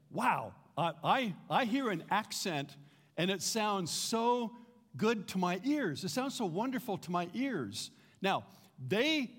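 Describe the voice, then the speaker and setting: A man's voice: fairly high pitch, long reverb tail. A middle-aged man from the United States giving a practical church teaching, plain-spoken and prone to repeating words as he restarts. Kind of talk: sermon-style teaching.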